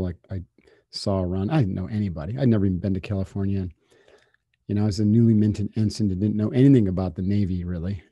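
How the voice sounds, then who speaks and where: A man's voice: low-pitched, mellow, husky, dry recording. A middle-aged man, a podcast guest, telling a candid anecdote casually, full of fillers and quoting himself. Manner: candid, casual, peppered with fillers and self-quotes. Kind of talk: storytelling anecdote.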